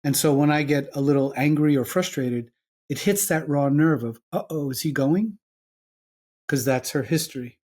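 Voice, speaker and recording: A man's voice: a little high, fairly even intonation, moderate pace, a little mellow. An older man from New York with a New York accent, a psychologist and author being interviewed, acting out little dialogues in shifting voices. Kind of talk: reflective interview talk.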